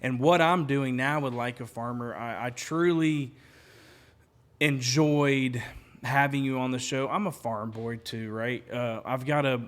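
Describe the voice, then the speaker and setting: A man's voice: medium pitch, fairly even intonation, a little slow. A man with a Southern accent, a podcast host who speaks earnestly and gratefully to his guest and backs him with short agreements. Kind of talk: casual interview chat.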